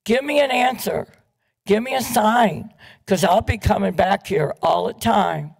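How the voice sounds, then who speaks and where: An upset woman addresses a city council during public comment, pressing her demands again and again. Her voice is heavily gravelly with fry and she speaks at a slow, deliberate pace. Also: medium pitch, low-quality recording. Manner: upset, pleading, repeats demands.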